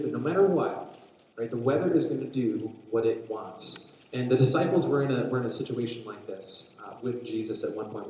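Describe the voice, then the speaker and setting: A man preaching a sermon, retelling a story in an animated way with frequent restarts. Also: medium pitch. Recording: very echoey room.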